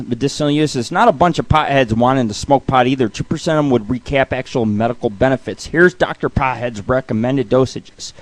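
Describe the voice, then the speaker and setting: A man's voice: mid-range voice, a little fast, hardly any pauses, no room sound. A middle-aged man hosting a radio show, telling jokes and reading comic lists in a loose, swearing manner. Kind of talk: casual comedic radio monologue.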